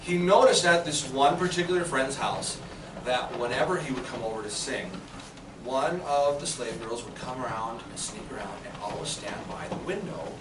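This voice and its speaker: A man's voice: medium pitch, noisy background. A man, a living history performer, chatting loosely to visitors about an old song, with fillers and restarts. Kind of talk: casual historical talk to visitors. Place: small historic clerk office indoors. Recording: echoey room, from far off, loud guitar.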